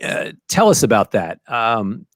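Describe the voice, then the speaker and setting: A man's voice: fairly low pitch, very animated, a little slow, no echo. A man hosting a podcast, cheering his guest on and leading the interview in a casual, encouraging way. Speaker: podcast host.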